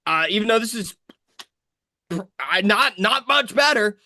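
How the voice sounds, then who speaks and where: An exasperated, sarcastic man co-hosting a fan sports podcast. His voice is bright and sharp and swings widely in pitch as he talks. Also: lively intonation, measured pace. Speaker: podcast co-host. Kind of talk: casual sports chat.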